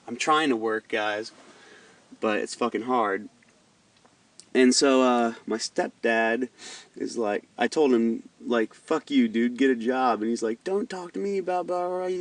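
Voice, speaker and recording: A man's voice: mid-range voice, distant mic. A young man telling a story in a rambling, heated, heavily profane vlog rant. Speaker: vlogger.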